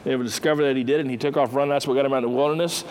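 A male preacher delivering a sermon in a relaxed storytelling manner, voicing the characters as he tells their stories. His voice sits at an ordinary middle pitch, and a faint hiss runs under the recording. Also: rapid-fire, poor audio. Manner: conversational storytelling, acting out the characters.

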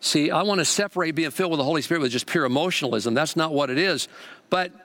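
Animated man preaching a sermon. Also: fairly high pitch, quick pace. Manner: animated, repetitive preaching cadence. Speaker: pastor.

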